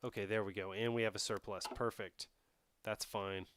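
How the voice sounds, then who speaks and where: A man's voice: on the low side, flat delivery, moderate pace, fairly bright tone, slight background noise. A man streaming a strategy game, thinking aloud and chatting with his viewers in a casual way. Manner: thinks aloud, talks to chat. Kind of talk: casual live-stream commentary while playing a strategy game.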